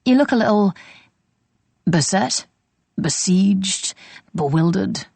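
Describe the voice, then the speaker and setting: A woman voicing an elegant, bitter gentleman with a clipped British accent who talks testily and wryly. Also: medium pitch, expressive, slow pace, gravelly, husky, no room sound, exaggerated voice. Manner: clipped, testy, wry.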